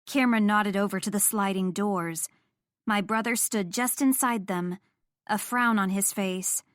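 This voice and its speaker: A woman's voice: mid-range voice, measured pace, no echo, studio quality. A young woman narrating a first-person romance audiobook in an intimate storytelling manner.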